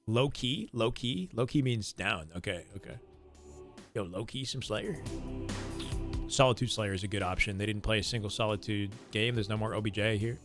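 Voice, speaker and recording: A man's voice: mid-range voice, a bit bright. Canadian man chatting on a gaming stream. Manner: loose and chatty, reacting to chat and gameplay. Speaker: livestreamer. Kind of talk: casual stream chat and game commentary.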